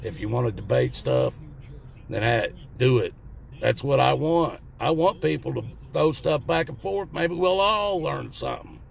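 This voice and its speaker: A man's voice: mid-range voice, expressive, unhurried, gravelly, slight background noise. A middle-aged man with a Southern US accent, hosting his own channel and ranting bluntly in a folksy, cussing manner. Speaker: channel host. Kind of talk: ranting opinion monologue to camera.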